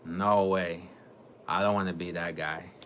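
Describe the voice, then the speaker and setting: A man with a lowish, bright voice talks casually to his viewers about gaming. He rambles, repeats himself and often restarts mid-sentence. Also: steady tone, unhurried, a little hiss or hum. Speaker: gaming vlogger. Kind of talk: casual monologue to camera.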